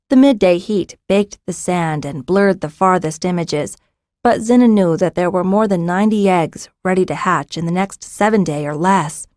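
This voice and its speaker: A woman narrating a fantasy audiobook in a steady, even storytelling voice. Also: lowish voice, dry recording, studio quality.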